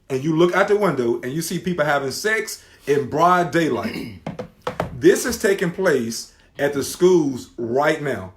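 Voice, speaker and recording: A middle-aged man co-hosting a faith talk show, loud and animated, preaching in casual talk. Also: fairly high pitch. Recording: roomy echo.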